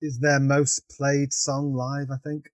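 A man's voice: medium pitch, level tone, a little slow, dry recording. A man chatting casually on a podcast, hesitant and correcting himself as he talks. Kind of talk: casual chat.

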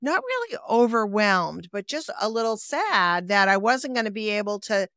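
A woman therapist co-hosting a podcast, speaking in a thoughtful, measured way and often affirming with soft murmurs. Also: medium pitch, sing-song, dry recording, studio quality. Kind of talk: casual reflective conversation.

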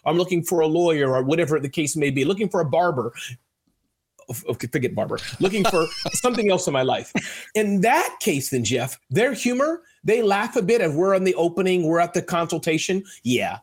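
A man talking as an interview guest, joking and animated, often calling the host by name. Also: sits high. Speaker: guest speaker. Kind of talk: casual interview chat.

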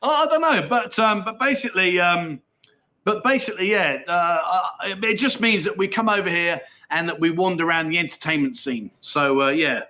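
A man in his middle years hosts a loose livestream, his voice sitting high and sounding bright and forward. He talks in a matey, easygoing way, laughs often and reads viewer comments aloud as he goes. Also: moderate pace, poor audio. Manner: chatty, matey, laughs easily. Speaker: livestream host. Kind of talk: casual livestream chat reading comments. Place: Pattaya, outdoors.

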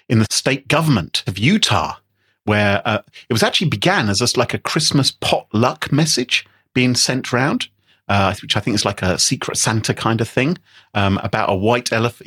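Husky-voiced man telling stories. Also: mid-range voice, a bit bright. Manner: wry, storytelling, laughs often. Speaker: podcast host. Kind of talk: casual chat.

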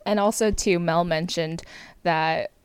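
A woman's voice: lowish voice, steady tone, measured pace, a little hiss or hum. A woman hosting a podcast late at night, recapping a movie in casual chat, often giggling and rambling with many fillers. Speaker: podcast host.

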